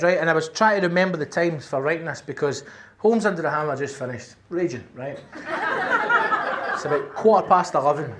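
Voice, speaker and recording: In front of a live comedy audience whose laughter is audible, a high-voiced, sweary male comedian from Glasgow, Scotland, tells an animated story and acts out shouts. The live stage mic picks up a little hiss or hum.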